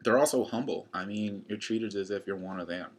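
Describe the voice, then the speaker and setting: A man's voice: on the low side, brisk. Rambling, chatty young man. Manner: rambling and chatty, with many fillers. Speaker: college student vlogging a fitness challenge. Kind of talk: casual chat to camera.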